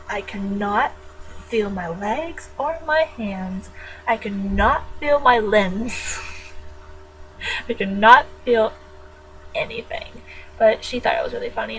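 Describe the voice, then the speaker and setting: A teenage girl rambles through a casual vlog at a slow, unhurried pace, her voice sitting a little high. She giggles and jokes between thoughts. A faint hiss runs under the recording. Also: fairly bright tone, poor audio. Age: teens. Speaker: vlogger.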